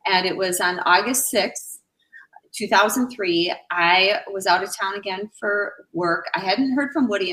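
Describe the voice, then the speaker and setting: A middle-aged woman telling her own story as a radio interview guest, halting often with fillers and restarts. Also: fairly low pitch, a bit bright, poor audio. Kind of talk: personal account in a radio interview.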